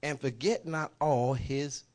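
A man preaching a sermon, folksy and impassioned, swinging from quiet talk to shouting. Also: mid-range voice, fairly even intonation, takes it slowly. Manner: folksy, dialect speech.

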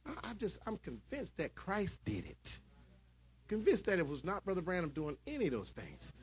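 A man preaching a sermon in church, shouting at his peaks and dropping into calmer storytelling. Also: high voice, normal speed, husky.

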